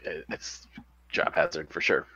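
A man's voice: measured pace, pushed and bright, no echo, dull audio. A man playing his character in a tabletop role-playing game, hesitant with dry remarks. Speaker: player.

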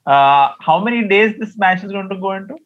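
A man's voice: high-pitched, expressive, brisk. A man co-hosting a casual cricket chat, teasing and switching between Hindi and English. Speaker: podcast co-host. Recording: slightly dull lo-fi mic.

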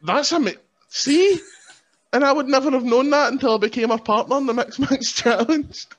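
A man's voice: extremely high pitch, moderate pace, fairly bright tone. A man, a guest on a podcast, rambling and joking in sweary casual chat. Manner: rambling, joking, laughs often. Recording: dull lo-fi sound.

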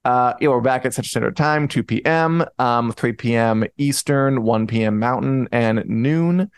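A man's voice: mid-range voice, normal speed, smooth, dry recording. A man co-hosting a pop culture podcast, talking casually with blunt, wry humor. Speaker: podcast co-host. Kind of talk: casual chat.

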